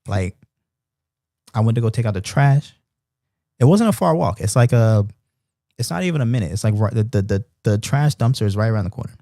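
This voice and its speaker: Animated man telling a story. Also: fairly low pitch, fairly quick, long pauses, no echo, studio quality. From Baltimore. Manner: animated storyteller, loose slang, many restarts. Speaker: host of a Bible reading stream. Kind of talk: casual storytelling chat. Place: apartment in Japan.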